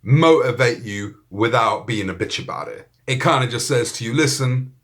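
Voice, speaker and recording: A man's voice: mid-range voice, lively intonation, moderate pace, a bit bright. A man with a British accent talks through a gadget review in a loose, joking way. He swears freely and keeps a laid-back, chatty manner in a mid-range voice. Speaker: tech reviewer. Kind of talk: casual video review.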